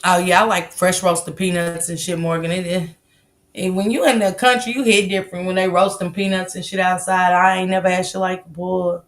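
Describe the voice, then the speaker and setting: A woman from the American South, hosting a livestream, reads comments and chats loosely, swearing freely and laughing often. Her lowish voice stays level and moves a little fast.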